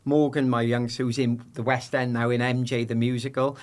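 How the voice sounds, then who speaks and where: A man's voice: mid-range voice, fairly quick. Middle-aged british guy on a podcast, chatty, acts out everyone in his stories. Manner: lively anecdotal, acts out other people. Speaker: podcast guest. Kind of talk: casual storytelling chat.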